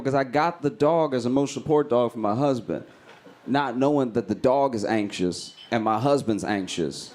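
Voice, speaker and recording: A man's voice: medium pitch, moderate pace. A man performing a stand-up comedy set, telling a story and acting out screams and voices. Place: comedy club stage.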